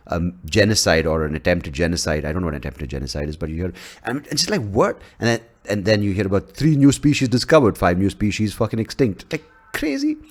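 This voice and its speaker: A man hosting his own podcast, talking casually in a rambling, profane way, often restarting and sharply raising his pitch for emphasis. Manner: animated, jumps in pitch to stress points. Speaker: podcast host. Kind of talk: casual solo podcast monologue.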